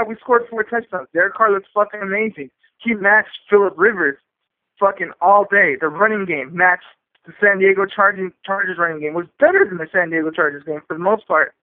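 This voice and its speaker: A man's voice: high-pitched, no echo. A man from El Centro, California, calling in to a fan radio show with a profane, frustrated rant. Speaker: fan caller. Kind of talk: angry call-in rant. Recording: tinny phone line.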